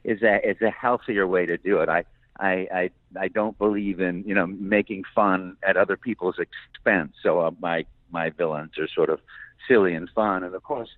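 A man's voice: low voice, fairly even intonation, normal speed, no echo. Enthusiastic man on a tinny phone line. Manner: enthusiastic, laughs often, slips into character voices. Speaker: voice actor guest. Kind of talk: casual interview chat.

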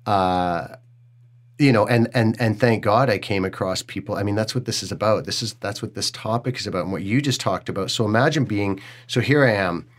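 A man's voice: on the low side, fairly quick. A middle-aged man hosting a podcast, speaking candidly and emotionally and swearing freely in casual conversation. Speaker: podcast host.

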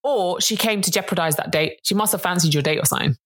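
A woman co-hosting a podcast in casual chat, animated, indignant and teasing. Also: lowish voice, quick pace, no room sound, studio quality. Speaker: podcast co-host.

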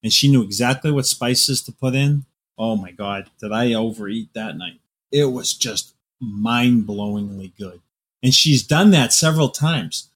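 A man talking as a novelist guest on a podcast, telling animated stories and laughing often. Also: medium pitch, measured pace, husky. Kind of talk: casual podcast conversation.

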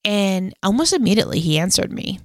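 A woman's voice: mid-range voice, big pitch swings, a little fast, no room sound, studio quality. A woman co-hosting a casual faith podcast, telling a story in a chatty, rambling way full of "like" and self-deprecating laughs. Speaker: podcast co-host.

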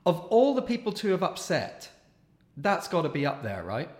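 Male podcast host, lively higher voice, wry short interjections, echoey room. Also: normal speed. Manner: brief reactions and wry prompts. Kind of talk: casual chat.

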